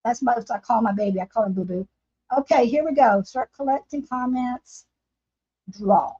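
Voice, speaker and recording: A woman's voice: fairly high pitch, normal speed, warm tone, breathy edge. A woman hosting a casual craft livestream from home, chatting and laughing with her viewers while she paints. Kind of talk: casual live-stream chat while painting. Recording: dull lo-fi livestream audio.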